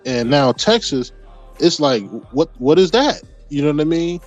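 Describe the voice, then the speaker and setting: A man's voice: on the high side, expressive, normal speed, faint music behind. A man talking casually as podcast host, rambling with lots of restarts and fillers. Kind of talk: casual chat. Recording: dull lo-fi audio.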